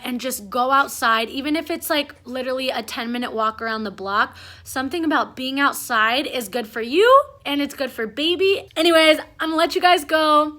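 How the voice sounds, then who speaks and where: A young mother talks straight to her camera at home, rambling from one thought to the next. Her voice sits high and sounds bright and clear. She comes across as chatty and openly emotional. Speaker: mom vlogger. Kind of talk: casual chat to camera.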